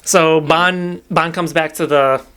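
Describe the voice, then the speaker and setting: A man's voice: a little high, fairly even intonation, slow pace, bright, forceful tone, a little hiss or hum. A young man casually retelling a novel's plot on a podcast, rambling with lots of fillers and the odd swear. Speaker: podcast co-host recapping a novel. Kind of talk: casual chat.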